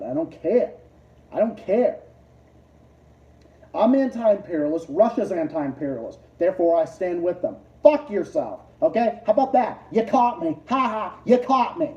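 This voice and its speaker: A man hosts a casual livestream and rants in a profane, combative way. He circles back over the same points, flaring up loudly and then dropping to low mutters. His voice sounds very dark and mellow, and it comes through a dull, roomy recording with a lot of echo. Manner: profane, combative, repetitive ranting that swings between loud outbursts and low mutters. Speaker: livestream host. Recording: muffled, roomy, distant lo-fi mic.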